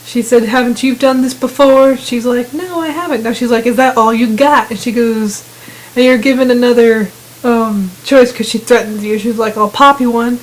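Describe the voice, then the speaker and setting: A woman casually narrating a video game, retelling scenes and quoting the characters in quick voices. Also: fairly high pitch, steady tone, low-quality recording. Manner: chatty retelling with quoted voices. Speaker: gamer narrating gameplay. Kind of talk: casual gameplay commentary.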